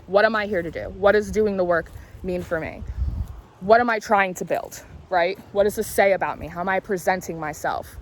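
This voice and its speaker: A woman's voice: mid-range voice, slight background noise. A woman in her late twenties telling candid, rambling stories in a casual vlog, confiding and swearing now and then as she walks. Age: late 20s. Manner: talks while walking. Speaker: tarot reader and spiritual vlogger.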